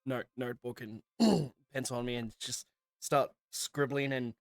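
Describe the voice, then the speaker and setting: A man playing a tabletop game, chatting casually and getting excited over his dice rolls. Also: mid-range voice, a little slow, dry recording. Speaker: player.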